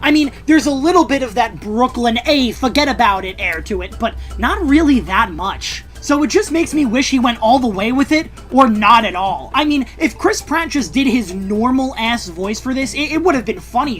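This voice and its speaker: A woman's voice: on the high side, a bit bright. A woman reviewing a movie in a scripted video essay, casual and wry, with sarcastic asides and the odd swear word. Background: faint background music.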